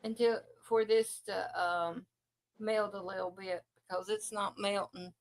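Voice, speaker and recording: Slow-talking woman chatting casually. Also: mid-range voice, steady tone, poor audio. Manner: joking, laughs often. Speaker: livestream co-host. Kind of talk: casual chat. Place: indoors at home.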